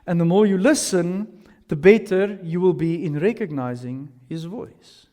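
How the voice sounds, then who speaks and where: A man preaches from the pulpit, his voice sitting fairly high as he spins lively stories peppered with casual slang. The sound hangs in the long reverb of a large church hall. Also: measured pace. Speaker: pastor. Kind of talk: sermon.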